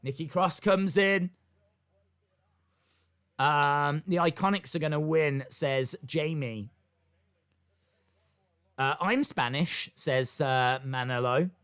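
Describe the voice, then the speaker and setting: A man's voice: on the high side, slow, long pauses, fairly bright tone, smooth. A young man hosting a live wrestling watch-along, calling the action and reading chat comments aloud. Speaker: wrestling stream host.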